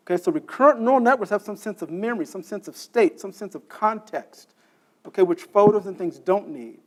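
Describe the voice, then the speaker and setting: A man's voice: sits high, slight background noise. A man giving a conference lecture, explaining step by step, quizzing the audience and often checking in with "okay?". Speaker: conference speaker. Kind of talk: technical lecture. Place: conference session room.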